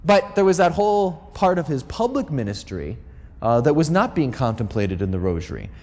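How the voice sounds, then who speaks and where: A man's voice: fairly high pitch, moderate pace. A middle-aged American man giving a Catholic talk to a live audience, telling stories and acting out the voices of people he quotes. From United States. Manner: lively storyteller who acts out quoted voices. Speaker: Catholic speaker. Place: large hall. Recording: long hall reverb.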